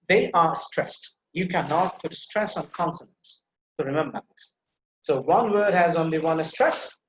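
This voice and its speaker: A man's voice: fairly high pitch, a bit bright, roomy sound, a little hiss or hum, low-quality recording. Bangladeshi man teaching pronunciation. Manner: repeats words slowly for drill, explanatory. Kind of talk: online lecture over slides.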